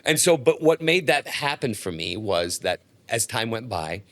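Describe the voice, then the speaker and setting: Animated storytelling man, dry close sound. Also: medium pitch, moderate pace, no room sound. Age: middle-aged. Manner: animated storyteller acting out dialogue. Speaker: podcast guest. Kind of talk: casual storytelling.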